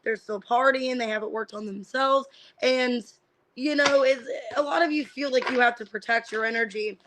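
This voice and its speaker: A woman giving a casual live-streamed tarot reading. She names the cards one by one and thinks out loud as she reads them, with lots of fillers. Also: fairly high pitch, steady tone, normal speed, background noise. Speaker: tarot reader.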